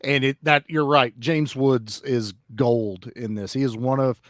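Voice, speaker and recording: A man's voice: mid-range voice, fairly even intonation, measured pace, no echo, studio quality. A man co-hosting a casual film discussion, enthusiastic and rambling, often restarting his sentences. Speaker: podcast co-host.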